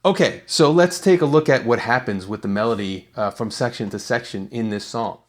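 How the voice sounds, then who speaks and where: A man explaining songwriting in a casual video tutorial, talking in a relaxed way with lots of small fillers and restarts. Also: medium pitch, fairly quick. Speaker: songwriting teacher.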